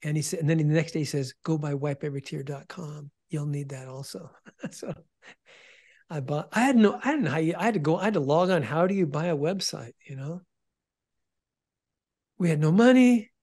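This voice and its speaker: A man telling an emotional testimony about starting his ministry, earnest, often restarting and repeating words, dropping to a hush when quoting. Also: a little high, animated, moderate pace. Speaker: ministry founder and guest.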